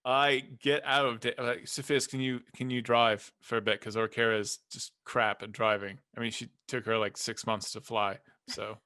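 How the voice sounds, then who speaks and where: Bright, playful tabletop player. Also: mid-range voice, little pitch movement, moderate pace, few pauses. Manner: playful, jokey. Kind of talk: tabletop role-play chat.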